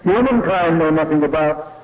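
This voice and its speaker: A man preaching a sermon slowly and deliberately, often asking the listeners rhetorical questions. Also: fairly high pitch, lively intonation. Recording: dull lo-fi recording in a reverberant hall.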